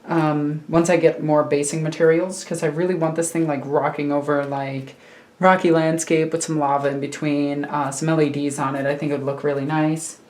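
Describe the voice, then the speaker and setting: Low, a little mellow, and level in tone, the woman's voice moves at a normal speed in an echoey room. As a miniature hobby streamer, she builds a model at home while chatting casually and self-mockingly, a faint computer hum behind her.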